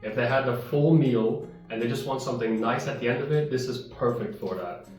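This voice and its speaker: A man's voice: medium pitch, brisk. Chatty man in a very echoey room. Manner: chatty, rambling, talks while chewing. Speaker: vlogger tasting chocolate. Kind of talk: casual food-review chat. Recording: very echoey room, mic far off, guitar music behind. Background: soft guitar music.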